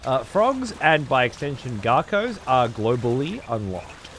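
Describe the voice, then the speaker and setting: A man's voice: mid-range voice, big pitch swings, unhurried, a bit bright, slight background noise. A man giving casual, profane commentary while playing a game, sarcastic and talking to himself and his chat. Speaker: gameplay streamer.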